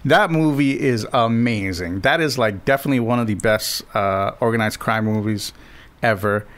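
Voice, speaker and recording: A man co-hosting a casual movie podcast, talking in an animated, teasing way. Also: fairly low pitch, moderate pace. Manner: animated, teasing, talks over others. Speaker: podcast co-host.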